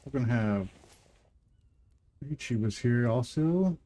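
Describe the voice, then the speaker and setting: A man's voice: medium pitch, animated, slow, mellow. A man from the Midwest with a Midwestern twang, chatting casually with viewers while playing a game on a livestream, rambling between game moves. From American Midwest. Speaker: livestream gamer host. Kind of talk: casual live gameplay chat.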